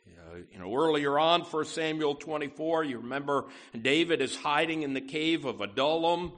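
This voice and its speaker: A man's voice: a little high, expressive, normal speed, fairly bright tone. A man preaching a conversational sermon in a folksy way, full of asides and stressing key words. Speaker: pastor.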